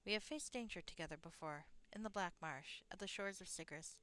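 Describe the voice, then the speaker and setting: A woman's voice: on the low side, brisk, sharp tone. A woman voicing a loyal male companion. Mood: earnest. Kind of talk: reading game dialogue aloud.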